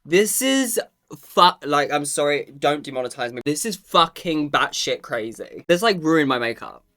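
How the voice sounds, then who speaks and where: A man's voice: on the high side, sing-song, unhurried, pushed and bright. A man reviewing makeup to camera in a casual, campy and sassy way, swearing freely and calling the viewer "girl". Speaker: makeup vlogger.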